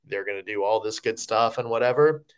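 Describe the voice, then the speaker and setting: A man co-hosting a sports podcast in casual chat, giving lively, joking analysis full of "you know" and "like". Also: on the low side, brisk, smooth. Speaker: podcast co-host.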